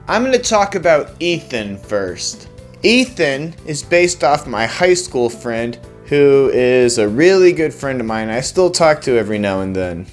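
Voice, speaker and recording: A young man hosting his own channel, casually explaining his cartoon characters in a relaxed, rambling way with frequent fillers. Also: a little high. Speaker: animator and channel host.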